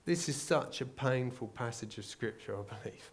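An English man preaches in a plain, conversational way, his voice sitting at an ordinary middle pitch for a man. He retells the story as he goes, restarting phrases often and pressing the listeners with rhetorical questions. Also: animated, moderate pace, slightly rough. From England. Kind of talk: sermon.

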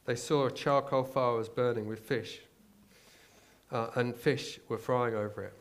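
A male preacher delivering a sermon, moving from quiet storytelling to loud, urgent exhortation. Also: medium pitch, fairly even intonation, a little slow.

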